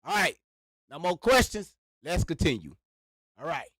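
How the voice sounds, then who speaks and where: A man with a high, lively voice that leaps up and down as he rants to his livestream chat. He speaks into a close microphone in a dry, dead room and calls out to his viewers again and again. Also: a little slow, husky, no room sound. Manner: animated, repetitive, addresses viewers directly. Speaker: livestream host. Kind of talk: live reaction rant to chat. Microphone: sits behind a microphone.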